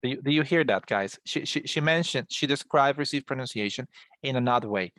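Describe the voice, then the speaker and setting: A man from Bogotá, Colombia, with a Spanish accent teaches English in an online video-call class, speaking patiently and explanatorily, calling his students "guys," and often restarting sentences. His middle-pitched voice is fairly bright and a little fast, and the audio is dry and close with no room echo.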